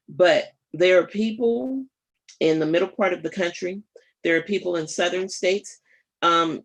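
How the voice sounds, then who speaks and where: A woman radio host delivering live political commentary in a gravelly, husky voice. She talks emphatically and rhetorically, turning often to her listeners, and pauses with fillers as she gathers her thoughts. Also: lowish voice. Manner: thinks aloud with fillers and pauses.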